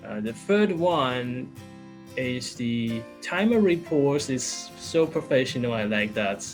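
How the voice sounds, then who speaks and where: A man's voice: medium pitch, lively intonation, takes it slowly, soft background music. A man giving a general evaluation at an online meeting, listing his points one by one. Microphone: video call.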